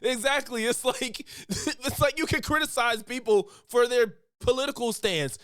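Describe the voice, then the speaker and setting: A man's voice: very high-pitched, unhurried, fairly bright tone, dry recording, studio quality. A man streaming his reaction to a video, talking loosely, swearing and laughing often. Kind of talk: casual reaction commentary.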